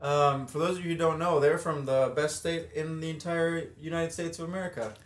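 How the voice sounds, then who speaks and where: A man's voice: a little high, fairly even intonation, fairly quick. A man co-hosting a podcast, chatting casually, rambling and laughing often. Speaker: podcast co-host. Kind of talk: casual chat.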